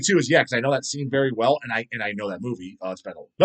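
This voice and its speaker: A man's voice: fairly low pitch, very fast, few pauses. A man around forty from the United States, hosting a casual livestream chat and swearing constantly as he rants. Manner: profane and ranting. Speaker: livestream host.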